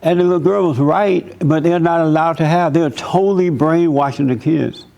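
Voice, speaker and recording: A man giving a church talk as pastor, telling stories in an animated, preachy way. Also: on the high side, normal speed, creaky.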